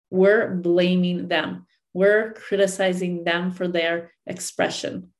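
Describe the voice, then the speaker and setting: A woman relationship coach giving an earnest coaching talk to listeners, repeating and rephrasing her points. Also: lowish voice. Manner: earnest, repeats and rephrases, acts out angry partners.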